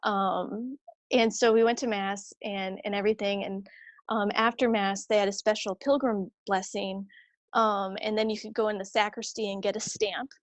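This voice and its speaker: A religious sister telling a personal story in a conversation, animated and chatty, acting out what others said. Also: female voice, medium pitch, normal speed, dry recording. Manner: animated, acts out quoted voices; chatty, many fillers and restarts.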